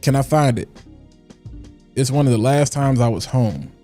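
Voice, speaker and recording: A man's voice: medium pitch, expressive, normal speed, dark tone, soft background music. A man hosting a casual livestream, talking in a preachy way and repeating lines for emphasis. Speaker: livestream host.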